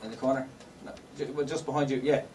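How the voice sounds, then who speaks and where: A man's voice: mid-range voice, fairly even intonation, quick pace, a little mellow. An Irish man doing stand-up, teasing the audience in cheeky banter with lots of fillers. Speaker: stand-up comedian. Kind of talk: live comedy show audience work. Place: live comedy venue. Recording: distant mic, noisy live room.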